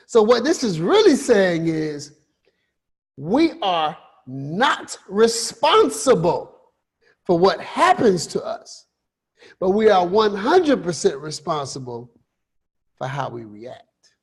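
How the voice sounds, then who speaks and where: A man giving a motivational talk as a coach, emphatic, with repeated rhetorical questions and slow stressed phrases. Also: high voice, very animated, husky. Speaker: finance and life coach host.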